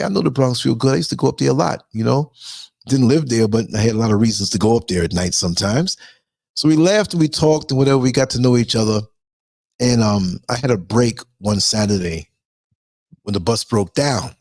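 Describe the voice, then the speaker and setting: A man's voice: medium pitch, fairly quick, vocal fry, no echo. New York man telling a story. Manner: animated, acts out quoted voices. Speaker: podcast host. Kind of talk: casual storytelling monologue.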